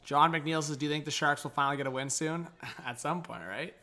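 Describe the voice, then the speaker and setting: A young man talks through a live hockey stream in a loose, chatty way, reading out messages from his viewers. His voice sits fairly high and sounds bright and forward. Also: a little fast. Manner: casual, chatty, reads chat messages aloud. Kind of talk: live hockey reaction commentary.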